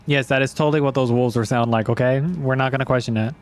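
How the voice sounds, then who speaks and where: A man's voice: medium pitch, steady tone, fast talker. A young man giving casual, rambling let's-play commentary as a gaming streamer, swearing freely and slipping into silly voices.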